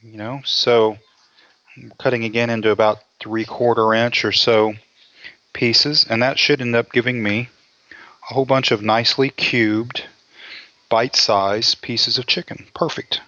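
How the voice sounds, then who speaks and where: A man's voice: medium pitch, steady tone, measured pace, pushed and bright, no room sound. A man hosting a cooking show, joking in a folksy way and talking through each step. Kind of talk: casual cooking show chat. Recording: dull lo-fi dry sound.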